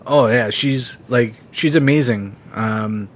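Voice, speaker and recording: A man co-hosting a casual podcast chat, rambling with lots of fillers and swearing freely when excited. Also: medium pitch, takes it slowly, slight background noise. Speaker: podcast co-host.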